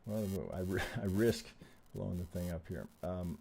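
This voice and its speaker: A man streams about trading, sitting near his desk microphone and speaking in a casual, profane, blunt way as he troubleshoots aloud. The voice is low-pitched and gravelly with a darkish tone, delivered at a moderate pace.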